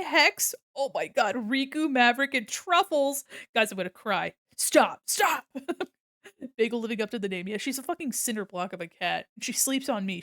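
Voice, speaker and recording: A woman's voice: on the high side, fairly bright tone, no echo, studio quality. Giggly woman chatting on stream. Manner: giggly, chatty, breaks into laughter often; gushing and affectionate. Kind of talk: casual livestream chat while drawing.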